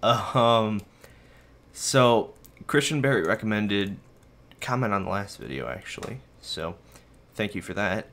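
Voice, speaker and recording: A man's voice: lowish voice, lively intonation, measured pace, a bit bright. A young man hosting a casual game video from his bedroom, rambling and joking at his own expense while he plays. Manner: rambling, self-mocking, talks to viewers and his dog. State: a bit out of breath. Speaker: gaming video host. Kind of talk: casual let's-play commentary. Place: bedroom at home.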